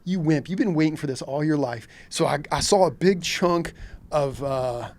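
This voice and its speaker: A man's voice: a little high, normal speed. A middle-aged man from Kentucky, a fishing captain, telling a story as a podcast guest and acting out his own reactions. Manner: animated, acts out his own reactions in quotes.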